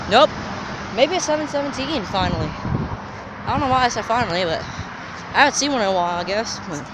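Vlogger, plane spotter, chatty rambling commentary, outdoor street noise, mid pitch. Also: a little fast. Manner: excitable, rambling, chatty asides. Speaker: plane spotter filming overhead jets. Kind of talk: casual running commentary to camera. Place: outdoors by a gas station near an airport.

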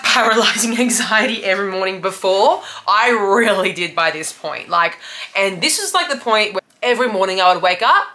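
A young woman speaking candidly about her worst moment as a business owner. Her voice is bright and crisp. She swears freely and laughs ruefully through painful memories, sounding close to tears at times. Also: medium pitch. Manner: raw, confessional, swearing often, laughing through hard memories. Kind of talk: candid personal storytelling.

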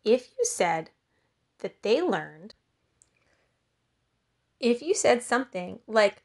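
A woman teacher giving a recorded lesson to schoolchildren and reading a story aloud in a clear, patient way. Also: fairly high pitch, big pitch swings, slow pace, pauses often.

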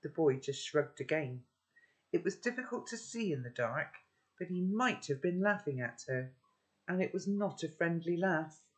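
A man's voice: on the high side, expressive, normal speed. A man teaching children, recapping the story with friendly tag questions and then reading a chapter aloud.

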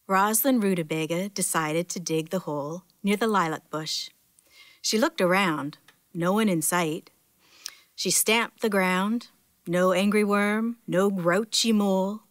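A woman's voice: medium pitch, no echo, clean studio sound. Woman reading a children's story. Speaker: storytime reader. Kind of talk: children's picture-book read-aloud.

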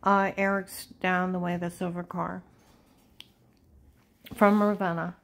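A woman's voice: lowish voice, little pitch movement, takes it slowly, poor audio. A woman talking straight to her viewers in a rambling, repetitive and agitated personal monologue.

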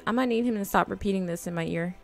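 A woman in her twenties giving casual, slangy commentary while streaming a game, chatty and quick to laugh. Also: medium pitch, creaky, a little mellow, faint music behind. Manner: laid-back, chatty, slangy, laughs often.

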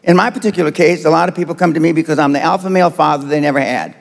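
Gravelly older man lecturing bluntly. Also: fairly high pitch, very fast, long reverb tail. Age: 70s. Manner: blunt, provocative, with many fillers. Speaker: motivational speaker. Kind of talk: speech to a live audience.

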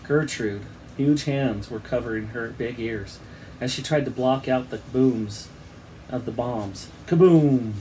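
Reading a children's book to his class, a male teacher performs it expressively with acted-out sound effects before handing out an assignment. He has a medium-pitched, darkish voice with fairly even intonation and a measured pace. Slight background noise is audible.

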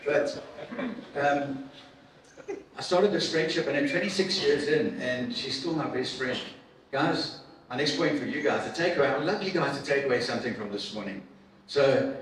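A middle-aged man with a voice on the high side gives an earnest, emotional personal testimony as guest speaker at a church men's breakfast, halting with repeats and fillers. The recording comes from far off in an echoey large hall with faint noise.

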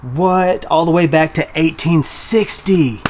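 A man filming an excited unboxing vlog in a small storage unit, calling out finds to viewers. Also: on the high side, slow pace, few pauses, slight background noise. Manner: addresses viewers as y'all, gasps and exclaims.

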